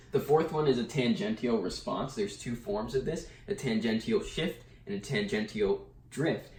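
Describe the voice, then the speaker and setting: A man giving a casual summary lecture of a textbook chapter, with fillers and restarts. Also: lowish voice. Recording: echoey room, mic at a distance.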